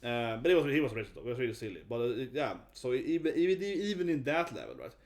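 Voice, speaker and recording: A young man from Sweden talks to camera in a loose, rambling way. He leans on fillers and keeps checking in with tag questions. His voice sits at an ordinary middle pitch. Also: sing-song, fast talker. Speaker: vlogger. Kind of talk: casual monologue to camera.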